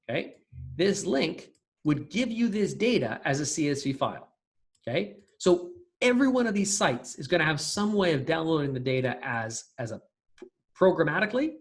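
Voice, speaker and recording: A man teaching a recorded programming class, talking casually and thinking aloud with fillers and restarts. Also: on the high side. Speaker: lecturer. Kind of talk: recorded coding lecture.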